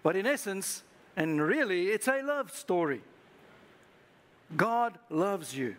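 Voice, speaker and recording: Speaking slowly in a high-sitting voice with big pitch swings, a pastor delivers a sermon to a live church congregation. He has the listeners repeat phrases back to each other.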